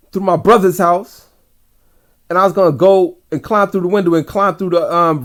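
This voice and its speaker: Rambling man telling a dream story. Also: sits high. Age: adult father. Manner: rambling, talks to viewers directly, slangy. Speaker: vlogger recounting dreams. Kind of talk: casual storytelling.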